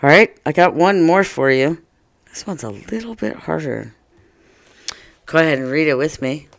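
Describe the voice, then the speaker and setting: A woman teaching a first-grade lesson, speaking slowly and playfully to young children. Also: deep voice, expressive, gravelly, dry recording.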